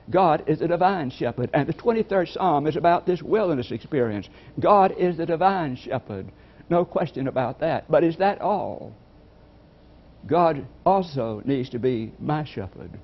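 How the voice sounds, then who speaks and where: A man delivers a sermon in a measured, reflective manner, pausing over scripture. His voice sits a little high and carries a gravelly fry. The recording is dull and lo-fi. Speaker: preacher.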